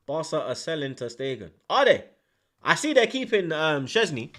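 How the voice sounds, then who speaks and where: Loud excitable man streaming football. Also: fairly high pitch, moderate pace. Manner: loud, excitable, swears, laughs often, slang-heavy. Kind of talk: live watchalong commentary and chat.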